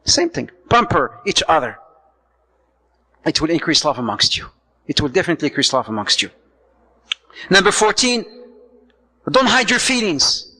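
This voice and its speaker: A man giving a playful, lively lecture on marriage to a congregation, dropping Arabic phrases into his talk. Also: a little high, normal speed, pauses often. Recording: long hall reverb.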